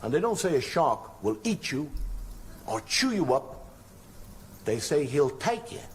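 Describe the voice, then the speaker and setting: In this noisy stage recording, an older comic does stand-up storytelling at a measured pace, his slightly high voice swinging widely in pitch. He wanders through wry anecdotes and imitates the voices of the people he quotes.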